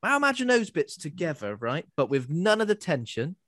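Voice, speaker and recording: A man's voice: on the high side, very animated, a little fast, sharp tone, dry recording. Sarcastic man, dry close sound. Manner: sarcastic, mocking asides. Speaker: podcast co-host. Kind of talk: casual film review chat.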